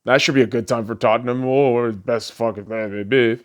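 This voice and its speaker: A man hosting a podcast, ranting casually and profanely about sports and laughing often as he swings between low mutters and high, excited outbursts. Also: fairly quick, hardly any pauses. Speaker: podcast host.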